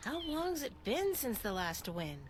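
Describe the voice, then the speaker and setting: A woman's voice: high voice, sing-song, a little slow, a little hiss or hum. An actress voicing a wry, curious young woman adventurer in a video game, making offhand remarks. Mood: questioning.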